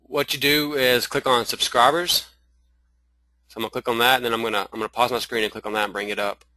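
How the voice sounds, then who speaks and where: A man with a Southern accent teaching a live screen-share webinar, talking in halting runs full of restarts and fillers. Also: mid-range voice, fairly even intonation, sharp tone, no room sound, poor audio. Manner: halting, many restarts and fillers, addresses viewers as y'all. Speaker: online marketing trainer.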